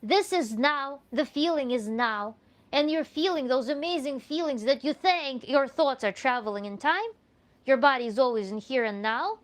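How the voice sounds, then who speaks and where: A woman with a Russian accent answers viewer questions as a coach, her voice sitting a little high. She talks in an animated, earnest way, restarting phrases as she works out her thoughts. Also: normal speed. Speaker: tantra coach.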